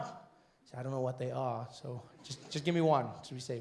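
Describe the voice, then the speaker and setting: Animated South African stand-up comedian. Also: male voice, medium pitch, a little fast. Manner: animated storytelling, rising to loud punchlines.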